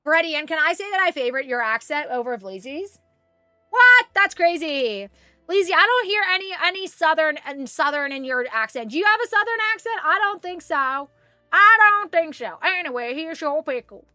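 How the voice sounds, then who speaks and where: A woman streaming a game, chatting casually and excitedly while reading chat aloud. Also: high-pitched, fairly quick, no echo, faint music behind.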